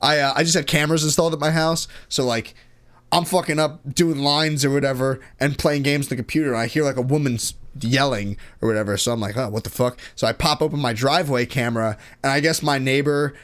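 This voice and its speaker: A man's voice: mid-range voice, fairly even intonation, quick pace, a bit bright. A man in his twenties telling rambling, profane stories in casual chat, full of restarts. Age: 20s.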